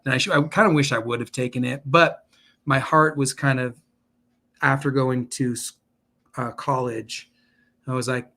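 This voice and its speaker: A man's voice: mid-range voice, steady tone, moderate pace, fairly bright tone. Earnest man rambling through his story. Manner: earnest, speaks in rambling restarts. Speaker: podcast guest. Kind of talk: casual interview storytelling.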